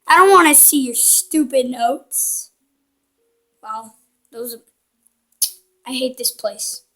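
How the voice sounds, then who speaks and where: A woman's voice: high voice, slow pace, bright, forceful tone, soft background music. A woman commenting casually while playing a video game, playful and cheeky, teasing the characters on screen. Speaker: gaming channel host. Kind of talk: casual let's-play commentary.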